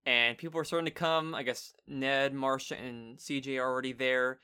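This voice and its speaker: Bright, clear-voiced young man hosting. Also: mid-range voice, normal speed. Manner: relaxed, chatty, trails off and restarts. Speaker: podcast host. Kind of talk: casual podcast review chat.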